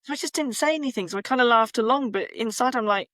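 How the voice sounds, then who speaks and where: Woman on a podcast, chatty and animated, doing little voices for people, dry close mic. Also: fairly high pitch, fast talker, no room sound. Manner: animated, acts out quoted voices, laughs at herself. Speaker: podcast guest, menstrual cycle coach. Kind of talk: candid conversational storytelling.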